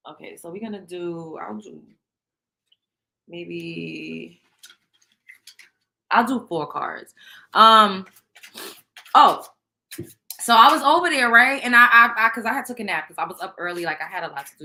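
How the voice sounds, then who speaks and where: A woman hosting a show, chatting casually with viewers and reading out tarot cards in a loud, animated, profane way. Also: lowish voice, measured pace, creaky, long pauses. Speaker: show host.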